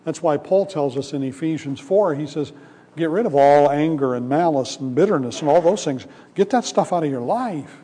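A man's voice: on the high side, moderate pace, mellow, husky. A male pastor giving a sermon in a conversational storytelling way, acting out the voices in a parable. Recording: long hall reverb.

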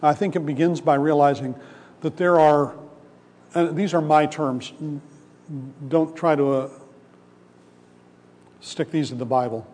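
A man's voice: a little high, a little slow, long pauses, darkish tone. Man preaching in a reverberant hall. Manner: conversational storytelling, acts out voices in the parable. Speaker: pastor. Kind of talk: sermon.

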